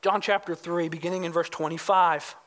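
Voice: mid-range voice, fairly even intonation, fairly quick, fairly bright tone. A pastor preaching a sermon, explaining scripture with emphasis and reading verses aloud.

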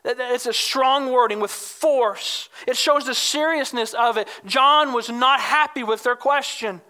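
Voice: high-pitched, measured pace, pushed and bright. A pastor preaching a sermon, explaining scripture with emphasis and reading verses aloud.

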